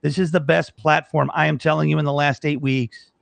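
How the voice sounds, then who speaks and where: A man with a gravelly, fry-edged voice hosts a live online talk show. He rambles through his sign-off, grateful and joking, close to a studio microphone in a dry, dead-sounding room. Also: on the high side, little pitch movement, brisk, no echo. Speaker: show host. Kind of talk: casual live-stream sign-off chat.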